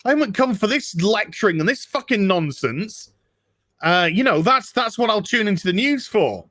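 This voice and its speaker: A man's voice: high voice, expressive, moderate pace, fairly bright tone, dry recording, clean studio sound. A man ranting with heavy swearing as a guest in a casual podcast chat. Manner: profane, ranting.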